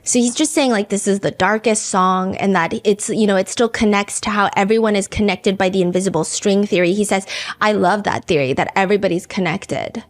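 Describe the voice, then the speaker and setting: A woman's voice: mid-range voice, a little fast. A woman hosting a podcast, telling a true-crime story in a casual, chatty way, often saying "like" and "you know" and reading out quotes. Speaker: podcast host.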